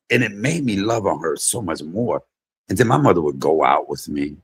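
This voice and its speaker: A comedian and vlog host with a husky, low voice tells stories in a casual monologue. He is animated and does loud imitations of his mother.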